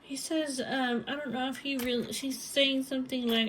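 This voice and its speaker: A woman giving a tarot reading, talking haltingly and searching for words, often phrasing what someone might say. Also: high voice, steady tone, fairly bright tone, poor audio. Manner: speaks lines as if voicing someone else. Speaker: tarot reader.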